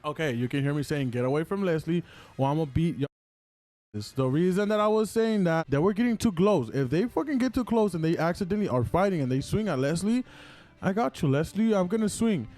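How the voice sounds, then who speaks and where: A young man on a casual podcast recounts events in an animated rush, leaning on "like" as he goes. His voice sits a little high for a man, with faint music under the talk. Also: fast talker. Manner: animated retelling, heavy use of "like". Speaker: podcast co-host. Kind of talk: casual chat.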